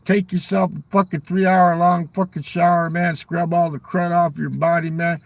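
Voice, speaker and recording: A man's voice: fairly high pitch, level tone, moderate pace, vocal fry. An older man rambling on a live stream, swearing constantly, ending his lines with "man" and talking back to chat viewers. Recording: voice a little far from the mic.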